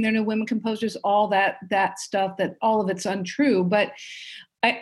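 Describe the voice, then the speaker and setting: A woman composer and teacher on a panel, speaking in an emphatic, impassioned way. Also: medium pitch. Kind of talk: panel discussion.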